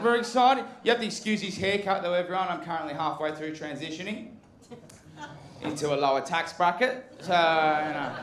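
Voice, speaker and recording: Western Australian man, stand-up comic, mid pitch, dry delivery, echoey club, noisy background. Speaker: stand-up comedian. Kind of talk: live stand-up set. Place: comedy club stage. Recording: echoey room with loud ambience.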